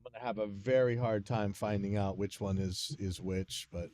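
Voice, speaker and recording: A man's voice: on the low side, fairly even intonation, normal speed, a little mellow, a little hiss or hum. Mumbling man talking to himself while working. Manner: rambling, self-deprecating, muttering under his breath. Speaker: live-stream host working on music sessions. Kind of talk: casual thinking-aloud commentary while working.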